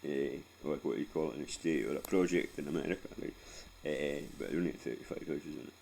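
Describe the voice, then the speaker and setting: A man's voice: a bass voice, brisk, vocal fry, a little mellow, a little hiss or hum. A Scottish man in his forties telling a painful personal story in a rambling, sweary way, close to tears and often tagging on "right?". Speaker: vlogger.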